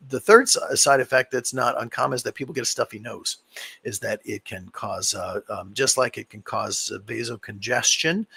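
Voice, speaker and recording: Gravelly, husky-voiced male doctor. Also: medium pitch, no echo. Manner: relaxed and explanatory, with many fillers. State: tired, yawning. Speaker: fertility doctor answering viewer questions. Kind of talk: live-stream Q&A chat.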